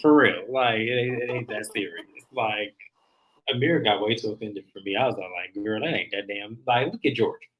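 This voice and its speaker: A man casually recapping a reality TV episode, animated and profane, acting out the cast's lines. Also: fairly low pitch, fairly quick, highs cut off. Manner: animated, profane, laughs, acts out cast lines. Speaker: podcast co-host.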